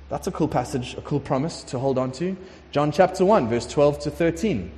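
A man preaching a conversational sermon, emphatic and lively, sometimes acting out prayers. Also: a little high, moderate pace, few pauses. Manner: conversational, emphatic, acts out prayers in shifting voices. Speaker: pastor. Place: warm room with congregation. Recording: long hall reverb.

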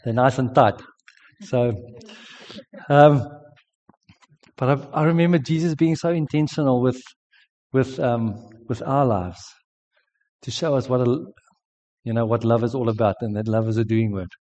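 A man's voice: medium pitch, a little slow, long pauses, a little mellow, big-room sound. A South African man in his forties, sick with a sore throat, telling an earnest sermon story with frequent restarts. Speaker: preacher. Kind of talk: sermon testimony.

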